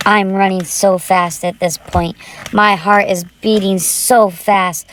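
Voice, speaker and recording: A woman's voice: mid-range voice, steady tone, slow pace, slight background noise. A woman narrating a true scary story in the first person, with a tense, urgent delivery.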